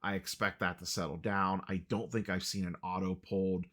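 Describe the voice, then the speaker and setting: A man talks through a casual market update with a somewhat low voice that still comes across bright and forceful. His humor is dry and wry, he pokes fun at himself, and he fills his pauses with "uh". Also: level tone. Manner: dry, wry self-deprecating delivery with many "uh" fillers. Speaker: sports card channel host.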